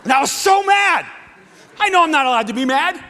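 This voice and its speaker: A man in his fifties preaching a sermon as a pastor, telling a story with animated swings from hushed to shouting. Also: very high-pitched, brisk. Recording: long hall reverb.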